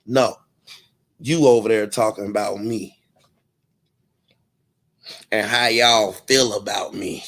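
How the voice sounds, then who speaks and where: A commentary channel host with a fairly low, fairly bright voice rants loosely and profanely straight to his audience, speaking slowly with a steady tone and frequent pauses. He slips into short mocking impressions of others before dropping back into his own casual voice.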